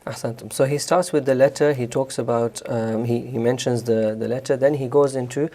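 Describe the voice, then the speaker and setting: A man's voice: mid-range voice, fairly even intonation, a little fast, mellow. A man in a religious discussion who talks in a hesitant way, with many fillers and restarts, as he asks a question. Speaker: co-host asking questions.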